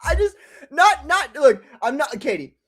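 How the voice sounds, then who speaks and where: A man's voice: extremely high pitch, big pitch swings, unhurried, fairly bright tone. A man from the United States hosting a casual livestream chat, ranting profanely and laughing often. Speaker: podcast host.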